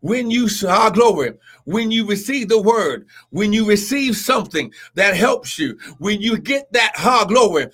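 A man preaching a Pentecostal sermon, exhorting in a rhythmic cadence with repeated cries of glory, often rising to a shout and breaking into tongues. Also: high-pitched, expressive, unhurried, breathy edge. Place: live stream.

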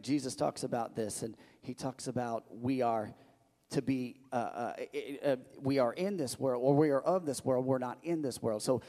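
A man preaching a sermon as pastor, telling stories in an animated, restarting way. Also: mid-range voice. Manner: animated storytelling with many restarts. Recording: long church hall reverb.

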